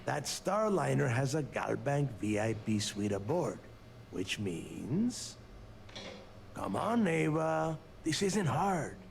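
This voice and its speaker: A man's voice: medium pitch, big pitch swings, takes it slowly, slight background noise, exaggerated voice. A man voicing a commanding, impatient male pirate boss in a video game, giving curt orders. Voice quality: gravelly. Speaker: game character.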